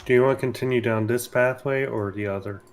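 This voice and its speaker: A man's voice: mid-range voice, fairly even intonation, fast talker. A man playing a tabletop game, chatting casually and joking often. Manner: jokey, laughs easily. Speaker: player.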